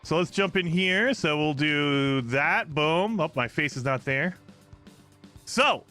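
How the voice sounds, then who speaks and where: A man streaming a game live, chatting casually and excitedly to his viewers while saying he is exhausted from little sleep. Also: on the high side, takes it slowly, faint music behind. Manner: excitable, rambling, talks to chat. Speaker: gaming streamer.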